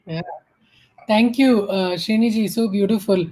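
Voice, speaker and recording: A woman's voice: medium pitch, a little slow, low-quality recording. A woman with an Indian English accent giving a humorous storytelling talk at an online spiritual gathering. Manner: warm, humorous storytelling with acted quotes.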